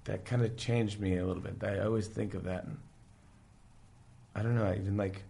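A man casually retelling a story, animated, often breaking into quoted voices, with faint room sound. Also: fairly low pitch, brisk, creaky. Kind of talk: casual chat.

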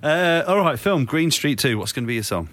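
A man hosting a casual chat, laughing often and reacting quickly. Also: a little high, expressive, fairly bright tone, dry recording.

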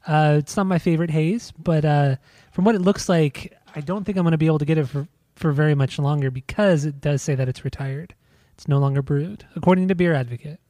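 A young man co-hosts a relaxed podcast and teases his partner in a dry, deadpan way. His voice sits a bit high and sounds mellow and warm. The recording is close and dry. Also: brisk, no echo. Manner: dry teasing, runs the segments. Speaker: podcast co-host. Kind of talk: casual chat.

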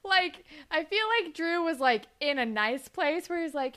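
A young woman co-hosting a casual chat that recaps a TV show, talking fast with lots of "like" and laughing often. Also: high-pitched, expressive, a bit bright. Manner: chatty, lots of "like", laughs often, acts out characters' lines. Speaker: podcast co-host.

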